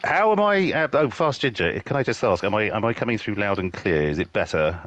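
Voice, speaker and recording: A man doing casual live race commentary, chatty, jovial and quick to laugh. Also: fairly low pitch, expressive, fairly bright tone, dull audio.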